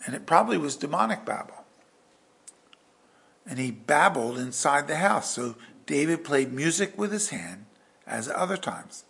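A man preaching a verse-by-verse sermon with an animated delivery that swings from loud emphasis to hushed asides. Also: on the high side, moderate pace, creaky. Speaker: pastor.

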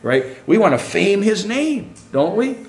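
A middle-aged man preaching a sermon, animated and full of rhetorical questions to the congregation. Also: high-pitched, a little slow.

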